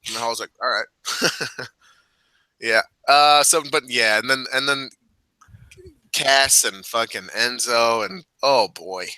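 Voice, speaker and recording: A man's voice: medium pitch, slow, pauses often, sharp tone, clear, resonant tone, dry recording, low-quality recording. A man from Illinois co-hosting a wrestling podcast in loose, profane casual chat, laughing often. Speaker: podcast co-host.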